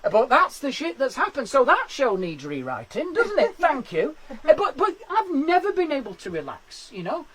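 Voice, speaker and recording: A man doing stand-up from his garden shed, with quick self-deprecating patter and laughs at his own jokes. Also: very high voice, huge pitch swings, fairly bright tone, rough recording. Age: 40s. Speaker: stand-up comedian. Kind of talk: live-streamed stand-up.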